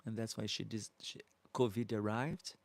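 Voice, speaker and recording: A man's voice: lowish voice, fairly even intonation, no echo. A man in his fifties from Brazil with a Brazilian accent, hosting a live Q&A as a drag performer and affectionately answering viewer comments. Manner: slow and affectionate, calling viewers darling. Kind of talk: casual live-stream chat reading viewer comments.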